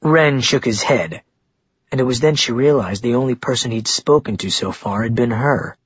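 Husky guy reading a novel aloud, dry dull sound. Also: medium pitch, moderate pace, no room sound. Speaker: audiobook narrator. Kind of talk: scripted narration.

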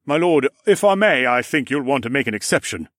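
A man's voice: mid-range voice, lively intonation, fairly quick, a bit bright, no echo, clean studio sound, voice pushed up, lightly acted. A man voicing a deferential palace guard in an audiobook. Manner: deferential, knowing. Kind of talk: audiobook narration.

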